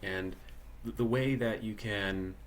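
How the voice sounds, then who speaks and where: A man with a very low voice leads a live workshop, thinking aloud with restarts and checking in with the group. A faint hiss sits under the recording. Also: slow. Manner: conversational, many restarts and "like", asks participants questions. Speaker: workshop leader. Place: online live workshop, video call.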